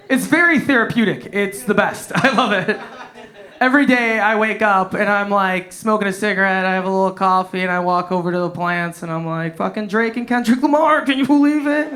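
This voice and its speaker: A man's voice: high-pitched, a little fast, bright, forceful tone. A man headlining a stand-up comedy set on a club stage, talking into a handheld mic, swearing freely and laughing through his own punchlines.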